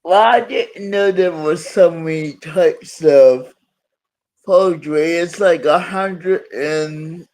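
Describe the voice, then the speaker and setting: High-voiced, slow-talking man chatting. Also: darkish tone. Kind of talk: casual chat.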